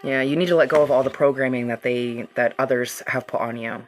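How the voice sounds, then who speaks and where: A woman's voice: very deep voice, fairly even intonation, a little fast, a little hiss or hum. A woman hosting a live-streamed reiki healing session. She talks straight to her viewers and reads out their comments in a loose, chatty way, laughing often. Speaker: reiki healer hosting a livestream.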